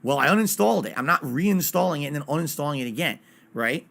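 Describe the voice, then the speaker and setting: A man on a casual stream, talking from a small closed-up home office. He rants in an animated way and swears freely, and his voice sits slightly higher than most men's. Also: fast talker, gravelly. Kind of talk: casual solo stream chat.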